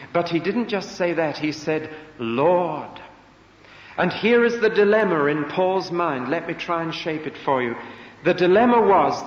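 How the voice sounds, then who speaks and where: A man preaching a sermon to a congregation, emphatic and full of rhetorical questions, recorded live in a church. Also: on the high side. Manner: emphatic, rhetorical questions, acts out quoted voices. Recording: echoey church hall, dull lo-fi.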